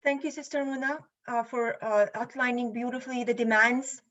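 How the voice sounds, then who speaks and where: Bright high-voiced woman hosting. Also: steady tone, dull audio. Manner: a little halting, with fillers. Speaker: event host. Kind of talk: introducing speakers.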